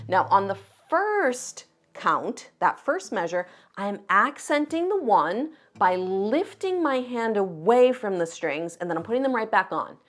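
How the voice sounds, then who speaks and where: Woman guitar teacher, encouraging, steady mid pitch, loud acoustic guitar under her voice. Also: a little slow, hardly any pauses. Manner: encouraging, explains step by step while counting beats. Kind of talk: friendly guitar lesson. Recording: guitar music behind the voice. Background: her own acoustic guitar playing.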